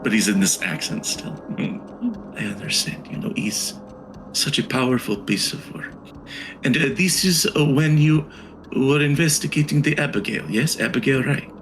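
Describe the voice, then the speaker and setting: Guy doing a creepy courtly doctor in some put-on accent, soft and sighing. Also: mid-range voice, normal speed, a little hiss or hum, lightly acted. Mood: soothing. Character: courtly unsettling male noble doctor.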